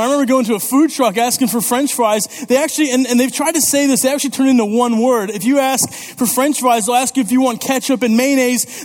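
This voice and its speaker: A man preaching a sermon as youth pastor, lively and conversational, often checking in with "okay?" and "all right?". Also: very high-pitched. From Italy. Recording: long reverb of a church hall.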